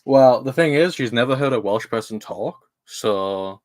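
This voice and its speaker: A man's voice: medium pitch, lively intonation, measured pace, darkish tone. A British man playing in a tabletop game, chatting casually with dry, understated humour. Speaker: player. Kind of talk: casual chat.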